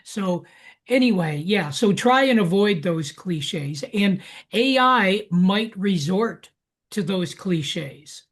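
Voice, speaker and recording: A man's voice: high-pitched, lively intonation, takes it slowly, fairly bright tone. A man co-presenting a workshop, making wry, skeptical remarks. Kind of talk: workshop discussion.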